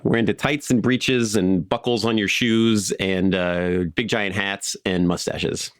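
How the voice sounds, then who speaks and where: Low-voiced man telling history stories. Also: a little slow, dry recording, studio quality. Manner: animated storyteller with frequent fillers. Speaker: podcast co-host. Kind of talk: casual history storytelling.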